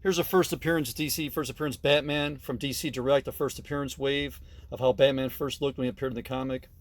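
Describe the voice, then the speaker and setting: A man's voice: medium pitch, fairly even intonation, fast. A middle-aged man casually narrating a tour of his collection in a basement, with frequent fillers and self-corrections. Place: basement room.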